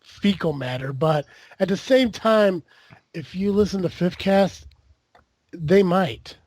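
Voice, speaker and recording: A man's voice: high-pitched, animated, takes it slowly, a little mellow, no room sound. A man hosting a podcast in casual chat, rambling with lots of fillers and the odd swear. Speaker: podcast host.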